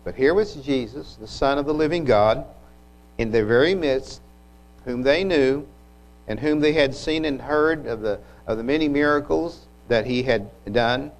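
A man preaching a sermon, retelling scripture in an unhurried, reflective way with occasional restarts. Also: mid-range voice, poor audio.

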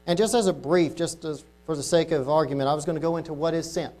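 A man preaching an informal sermon to a congregation, talking casually and reading Bible verses slowly and deliberately. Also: fairly high pitch, darkish tone. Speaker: lay preacher.

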